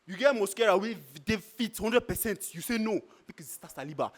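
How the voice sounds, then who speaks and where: A man's voice: high voice, animated, brisk, hardly any pauses. A man with a Nigerian Pidgin English accent, ranting in a heated, exasperated way as a football fan in a street reaction.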